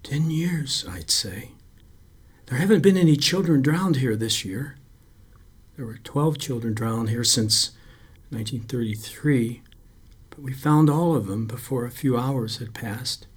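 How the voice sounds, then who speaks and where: A man voicing a weary, shaken middle-aged lifeguard who speaks in a halting, half-whispered hush, as in a read-aloud story. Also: medium pitch, slightly rough, voice pushed up.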